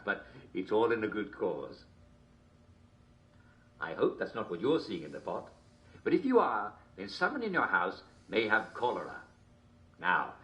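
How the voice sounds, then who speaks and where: An actor playing a cheery, smooth TV host in a video game broadcast, with an upbeat announcer delivery. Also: male voice, mid-range voice, fairly bright tone. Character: cheery smooth male TV host of a dystopian show.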